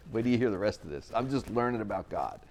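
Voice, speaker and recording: Man, middle-aged, low-pitched, earnest storyteller, podcast guest. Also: lively intonation, fast talker, darkish tone. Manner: earnest, acts out quoted dialogue. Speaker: business owner and podcast guest. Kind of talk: conversational storytelling.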